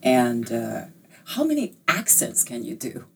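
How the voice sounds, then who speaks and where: A woman's voice: a bass voice, huge pitch swings, measured pace, gravelly, slight background noise. Sex: woman. Role: interviewer. Style: casual interview. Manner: laughing, stumbling over words.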